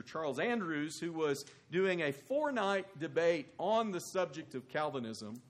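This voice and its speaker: A man preaching a sermon in an emphatic way, rising loud and high and dropping low and quiet.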